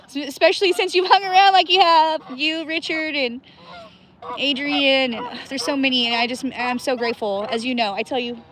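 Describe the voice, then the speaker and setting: A woman's voice: high voice, normal speed, a bit bright. A woman livestreaming from a cold river outdoors, chatting casually with viewers by name and laughing often, shivering with cold. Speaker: livestream host.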